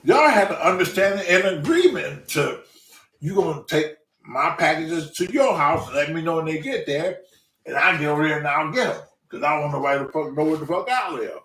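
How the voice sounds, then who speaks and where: A man's voice: a little high, brisk, recorded from a distance. Profane older man telling a story. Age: 60s. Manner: profane, animated, drawling. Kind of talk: casual storytelling. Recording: roomy room, away from mic.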